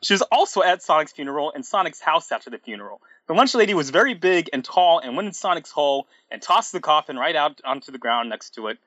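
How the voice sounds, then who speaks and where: A man giving a comedic dramatic reading in a deadpan, exaggerated way, on a close mic. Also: a little high, quick pace, hardly any pauses, dry recording, dull audio. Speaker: reader.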